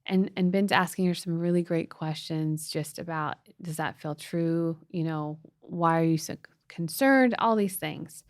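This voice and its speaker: A woman's voice: on the low side, a little slow, few pauses, dry recording. Earnest storytelling mother, dry close mic. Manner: emotional, earnest storyteller with restarts. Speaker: podcast co-host, mother. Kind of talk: casual storytelling chat.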